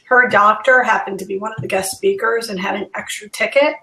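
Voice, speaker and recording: A woman chatting casually on a video call, quick to laugh. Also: medium pitch, fairly even intonation, creaky, echoey room, background noise.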